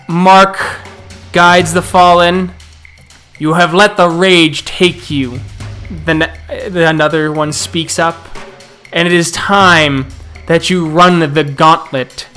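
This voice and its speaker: Male game master, unhurried narrator, faint music behind. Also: a little high, sharp tone. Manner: slow, drawn-out narration with restarts.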